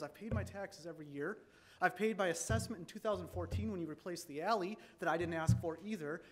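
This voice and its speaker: A man with a high voice rattles off complaints at a rapid clip during a city hearing. He sounds frustrated, pressing one pointed question after another. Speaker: resident speaking at public hearing. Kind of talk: public comment at city meeting.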